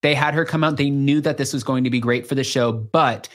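A man's voice: medium pitch, a little fast, fairly bright tone. A man hosting a podcast, telling gossipy stories in casual chat and acting out quotes along the way. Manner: gossipy storyteller, acts out quotes. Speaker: podcast host.

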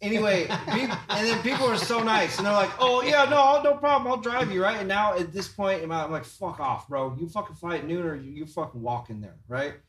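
A man's voice: high voice, a little fast, hardly any pauses, a bit bright, echoey room, a little hiss or hum. A man hosting a podcast, telling a rambling story in casual chat, swearing and laughing as he goes. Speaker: podcast host.

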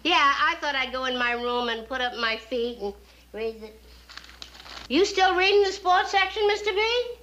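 A man voicing a brassy, nosy middle-aged housekeeper in a chirpy falsetto. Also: animated, normal speed, sharp tone, soft background music, exaggerated voice, poor audio.

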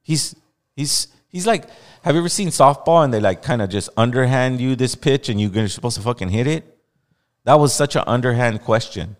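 A man's voice: mid-range voice, lively intonation, fairly quick, in a large hall. A man from Los Angeles hosting a podcast, giving blunt, heated commentary with repeated emphasis. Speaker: podcast host. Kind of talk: casual opinionated commentary.

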